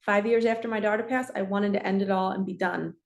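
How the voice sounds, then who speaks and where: A woman's voice: mid-range voice, steady tone, fairly quick, vocal fry. A middle-aged woman giving a casual, heartfelt spiritual talk as host of her channel, speaking earnestly and confidingly. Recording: echoey room.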